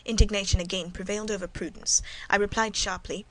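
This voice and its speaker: A woman's voice: mid-range voice, steady tone, brisk, few pauses, fairly bright tone, low-quality recording. Woman narrating a classic novel evenly. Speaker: audiobook narrator. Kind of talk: scripted narration.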